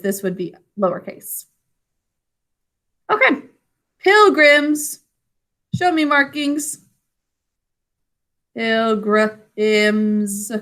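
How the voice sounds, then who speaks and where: High-voiced woman teaching phonics slowly. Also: a bit bright. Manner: patient, spells words out sound by sound. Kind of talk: online phonics lesson. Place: remote class on a video call.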